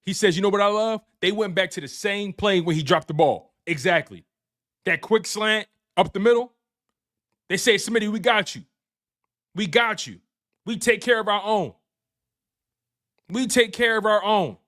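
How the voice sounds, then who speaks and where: A man's voice: high voice, normal speed, pauses often, fairly bright tone. A man hosting a live-stream sports recap, hyped and talking straight to his chat, repeating phrases for emphasis. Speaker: sports show host. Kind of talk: excited live-stream recap with super chats.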